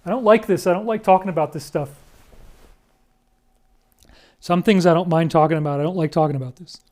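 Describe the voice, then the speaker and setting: Earnest, high-pitched man pleading. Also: rapid-fire, a little mellow. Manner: earnest, conspiratorial, pleading, with many restarts. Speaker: speaker presenting disclosure claims. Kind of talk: emotional commentary over photos.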